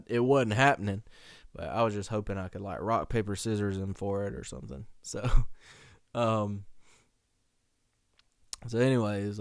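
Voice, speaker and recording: Young male podcast host, animated and slangy, with a smooth tone and close, dry mic sound. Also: on the low side, dry recording. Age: young adult. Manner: animated, slangy, laughs often. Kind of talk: casual storytelling.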